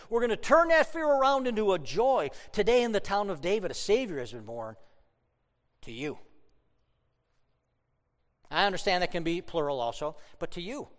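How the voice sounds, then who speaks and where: A man preaching a sermon, telling stories with humor and sudden loud outbursts. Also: high voice, animated, normal speed, long pauses, big-room sound. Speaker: pastor.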